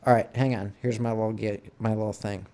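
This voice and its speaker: A man co-hosting a casual podcast, talking in a laid-back way with swearing and halting restarts. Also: fairly low pitch, flat delivery, warm tone. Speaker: podcast co-host. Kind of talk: casual chat.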